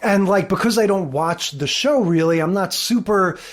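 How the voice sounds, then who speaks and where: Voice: mid-range voice, expressive, moderate pace. A podcast co-host in casual chat about sitcoms, rambling with many fillers. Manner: rambling, lots of fillers like "kinda like".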